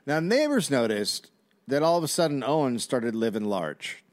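A man co-hosting a comedy podcast, calmly telling an old story in a casual way. His pitch is middling but moves around a lot. The sound is dry and close to the mic. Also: moderate pace, no room sound. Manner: relaxed, recounting history. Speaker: podcast co-host.

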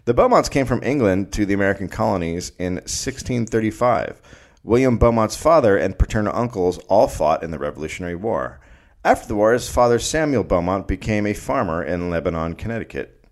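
Middle-aged male podcast host, low and lively, deadpan storyteller. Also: fairly quick. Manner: deadpan storyteller, jokey asides. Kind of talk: reading a history story with banter.

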